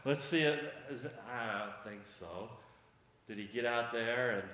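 A man preaching a sermon, animated, acting out the voices of the people in the story. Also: medium pitch, unhurried, roomy sound. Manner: animated, acts out voices of biblical figures.

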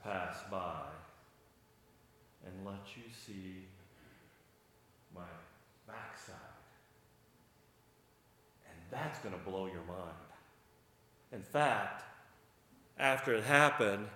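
A man preaching a sermon, animated, acting out the voices of the people in the story. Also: mid-range voice, reverberant. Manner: animated, acts out voices of biblical figures.

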